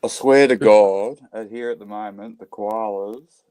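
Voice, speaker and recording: A man's voice: fairly low pitch, steady tone, measured pace, dark tone, no echo. An Australian man chatting casually as a podcast co-host, rambling and swearing a lot as he tells stories. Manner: rambling, sweary, keeps saying "type thing". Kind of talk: casual chat.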